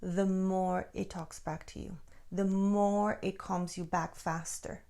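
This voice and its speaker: Woman teaching spiritual stuff, mid-pitched voice with lots of fry, keeps asking okay? and goes soft and whispery. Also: steady tone, takes it slowly. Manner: checks in with viewers, drops to soft near-whispers. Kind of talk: spiritual guidance talk.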